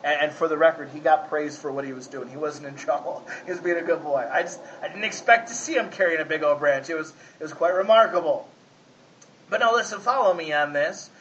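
A man's voice: fairly high pitch, a little fast, a bit bright, dull audio, a little hiss or hum. A man preaching a conversational sermon, folksy and often asking his listeners if they follow. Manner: folksy, asks the congregation 'right?'. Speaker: pastor.

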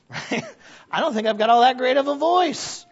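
A man preaching a sermon in a church, animated and quick to laugh as he talks to the congregation. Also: very high voice, husky, lo-fi sound. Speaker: pastor.

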